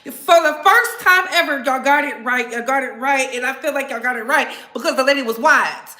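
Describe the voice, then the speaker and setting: Fiery high-voiced woman vlogger. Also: a little fast, pushed and bright, reverberant. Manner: fiery, blunt and profane, rallying viewers. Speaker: host. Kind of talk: political commentary vlog.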